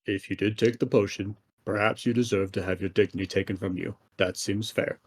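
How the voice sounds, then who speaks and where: A man playing a stern male knight who calmly questions two quarreling characters. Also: lowish voice, a little fast, slightly rough. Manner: calm, firm, questioning.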